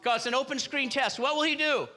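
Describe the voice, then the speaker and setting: Delivering a sermon at church, this male pastor speaks quickly in a high-pitched, bright, and forceful voice. He punches each point with emphasis and keeps urging the congregation to answer back, while some chatter can be heard behind him.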